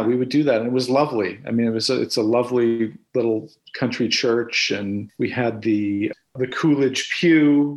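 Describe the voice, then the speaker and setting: A man being interviewed for an oral history, reminiscing in a reflective, hesitant way with many restarts. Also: medium pitch.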